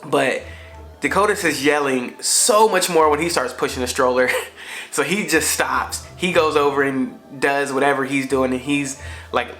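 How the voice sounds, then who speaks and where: Bright-voiced man telling a story casually. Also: medium pitch, moderate pace, faint music behind. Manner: slangy, conversational, frequent fillers. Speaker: father vlogger.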